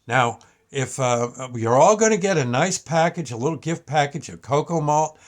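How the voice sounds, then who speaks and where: A man's voice: fairly high pitch, expressive, moderate pace, lightly acted. An older man voicing a cheerful, coaxing male host of a children's TV show, speaking in his own everyday voice. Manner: friendly and coaxing.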